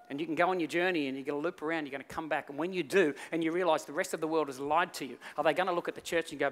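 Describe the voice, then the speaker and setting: A male pastor preaching a sermon, telling stories with lively acted-out voices. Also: fairly high pitch, very fast, hardly any pauses. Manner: animated storytelling, acts out voices in the story. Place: church hall. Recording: reverberant church hall.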